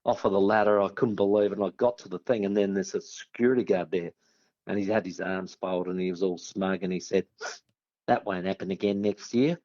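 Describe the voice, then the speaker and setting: A middle-aged Australian man telling lively anecdotes as a podcast guest, slipping into loud voices for his friends. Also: deep voice, quick pace, dull audio. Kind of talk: storytelling on a podcast.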